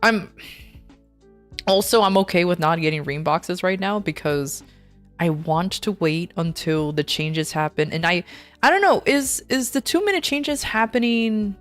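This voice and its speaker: A woman's voice: fairly low pitch, unhurried, faint music behind. A woman VTuber streamer chatting casually while gaming, rambling and ranting in an exasperated way.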